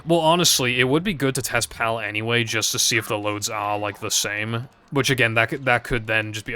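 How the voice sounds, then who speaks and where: Rambling young man streaming, bright voice. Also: mid-range voice, brisk, hardly any pauses. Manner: rambling, hesitant, swears casually. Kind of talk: casual live-stream chat to viewers.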